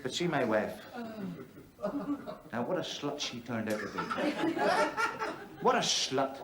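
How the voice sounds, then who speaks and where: Here a male actor portrays a crude, brash Belfast stand-up doing a bawdy set in a TV drama, accent intact. He speaks slowly and animatedly in a mid-range voice. The recording is very noisy, with an echoing club hall and a laughing crowd.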